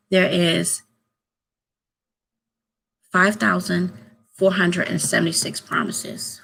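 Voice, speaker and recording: A woman's voice: fairly low pitch, steady tone, slow, creaky, pauses often, fairly bright tone, slight background noise, rough recording. A woman vlogging casually to her subscribers, rambling and hesitant, often repeating herself. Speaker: YouTube vlogger.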